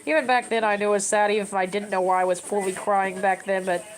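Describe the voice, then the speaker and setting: A woman's voice: mid-range voice, flat delivery, fast talker, poor audio. A woman in her thirties talking casually to her camera, rambling and giving advice. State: tearful. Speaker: vlogger.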